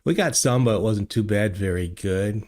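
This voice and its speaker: A man's voice: fairly low pitch, animated, moderate pace, a little mellow. An older man hosting a casual livestream from his home studio, rambling and chatting with viewers through many fillers and restarts. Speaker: livestream host. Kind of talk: casual chat with live chat viewers. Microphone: desk microphone.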